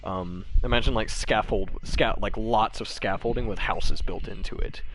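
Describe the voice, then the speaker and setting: A man's voice: lowish voice, normal speed, a bit bright, slight background noise, low-quality recording. Rambling man running a tabletop game. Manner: rambling, full of fillers and restarts. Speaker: game master.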